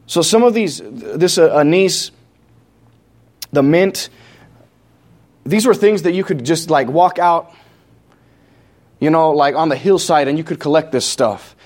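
A man delivering a sermon in a fairly high voice. He works through the verses in a loose, conversational way, stopping and restarting, and then climbs into loud, passionate preaching. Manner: preaches from scripture, builds to loud impassioned shouting; conversational asides with many restarts.

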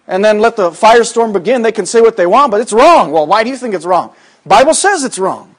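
High-voiced man preaching. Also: expressive, fairly quick. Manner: swings from soft and low to loud, high exhortation; conversational, folksy preaching with asides. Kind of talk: sermon.

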